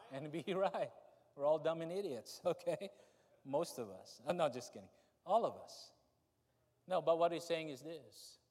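A man preaching a sermon with fervent, pleading delivery, rising to loud high cries. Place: large church hall. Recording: reverberant church hall.

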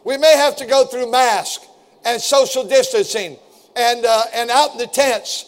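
A man's voice: very high voice, a little slow. A man preaching a fervent sermon and reading scripture aloud to his congregation. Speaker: pastor.

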